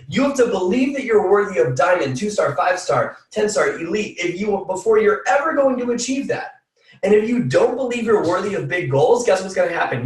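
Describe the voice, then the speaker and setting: A man giving an energetic motivational coaching talk, repeating phrases for emphasis. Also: sits high, reverberant, recorded from a distance. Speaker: team call speaker.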